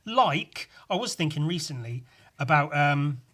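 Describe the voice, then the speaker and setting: A man's voice: a little high, animated, unhurried, pushed and bright. A young man hosting a solo podcast, rambling in a meandering way with lots of swearing. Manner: meandering, full of fillers and swearing. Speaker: podcast host.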